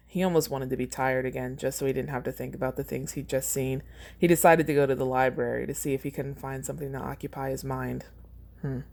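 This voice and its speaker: Low-voiced woman reading her story. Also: a little mellow. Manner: chatty, laughs at her own writing. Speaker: host rereading her own fan fiction. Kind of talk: reading aloud with casual commentary.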